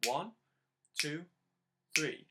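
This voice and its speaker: Slightly high and lively in intonation, the man's voice comes with background noise. Teaching harmonica patiently and step by step, he counts in, sings lines slowly, and praises and encourages the learner.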